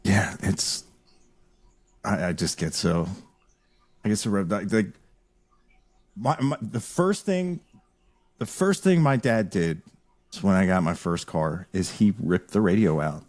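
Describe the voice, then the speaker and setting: A man hosting a casual podcast chat, telling stories in an animated, rambling way with frequent restarts. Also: low voice, measured pace, pauses often. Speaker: podcast host.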